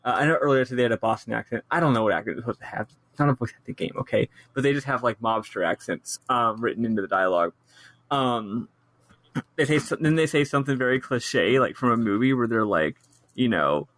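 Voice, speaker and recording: Male co-host, mid-pitched, animated game chat, dry close sound. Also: fast, no echo. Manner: animated, laughs at his own complaints. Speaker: podcast co-host. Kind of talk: casual game discussion.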